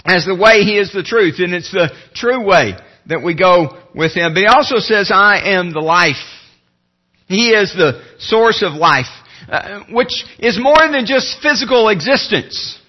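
A man preaching a sermon as pastor, earnest, slowing and dropping low when he reads scripture. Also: expressive, breathy edge, muffled recording. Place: church sanctuary.

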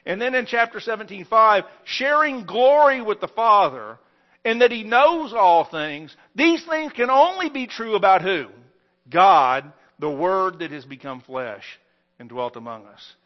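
Man, pastor, sermon, high voice, emphatic, loud-soft swings, dull lo-fi sound. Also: expressive. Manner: emphatic preaching with wide swings in loudness and slow stressed phrases.

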